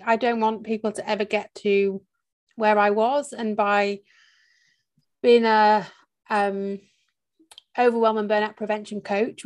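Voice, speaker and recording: A woman hosting a podcast, speaking in a reflective, soft way in casual chat, often trailing off quietly. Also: mid-range voice. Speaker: podcast host and burnout coach.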